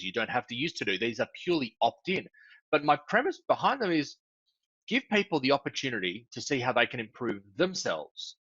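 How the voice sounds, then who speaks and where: A man talks as a guest in a casual interview, his voice bright and forceful, often leaping upward for emphasis and sprinkling in ums. The sound is dry and close but dull and lo-fi, like a video call. He speaks at a middle pitch for a man. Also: dry recording. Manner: animated, jumps up in pitch for emphasis, frequent ums. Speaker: guest consultant.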